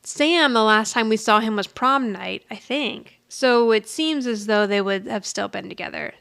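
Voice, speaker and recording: A woman with a slightly high, gravelly voice co-hosts a podcast. She walks through each scene in a relaxed way, quoting the characters' lines and laughing often. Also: moderate pace. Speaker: podcast co-host. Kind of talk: casual recap chat.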